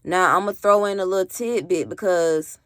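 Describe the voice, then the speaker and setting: A woman's voice: fairly low pitch, normal speed, smooth, no echo, studio quality. A woman vlogger telling a personal story in a casual storytime monologue, emphatic, swearing freely and talking straight to her viewers. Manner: addresses viewers directly.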